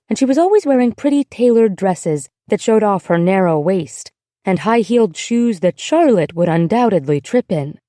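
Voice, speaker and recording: A woman narrates a novel in a measured, gentle reading. Her voice is mellow and soft-edged. It is recorded close up in a dry space with no echo. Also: mid-range voice. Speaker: audiobook narrator. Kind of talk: scripted audiobook narration.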